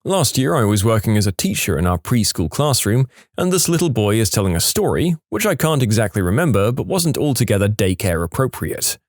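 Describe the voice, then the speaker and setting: A man reading stories aloud with a dry, deadpan delivery. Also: fairly low pitch, fairly quick, hardly any pauses, dry recording. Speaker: story narrator.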